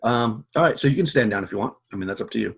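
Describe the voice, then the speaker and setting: Male game master, low husky voice, loose rambling narration. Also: rapid-fire. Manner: relaxed, rambling with fillers.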